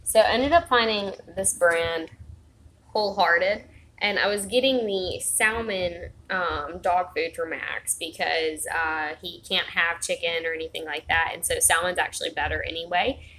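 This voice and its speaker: A woman's voice: fairly low pitch, measured pace, sharp tone, reverberant, a little hiss or hum, poor audio. A woman chatting casually to her viewers at home, rambling with lots of fillers and restarts. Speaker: vlogger. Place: home, indoors. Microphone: phone camera.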